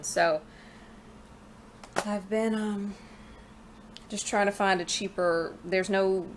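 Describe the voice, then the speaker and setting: Woman, young adult, low-ish voice, candid rambling vlog chat, slightly slurred from a retainer, faint background noise. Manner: candid, rambling, venting with frank asides. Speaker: vlogger. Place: living room floor at home.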